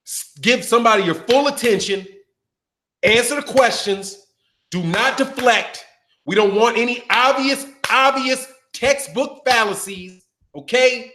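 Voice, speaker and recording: A man with a high voice rants through boxing commentary in a loose, casual way. He talks animatedly and swears freely, slipping into mocking impressions of the people he criticizes. His tone stays heated and incredulous. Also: normal speed, pushed and bright. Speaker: boxing channel host.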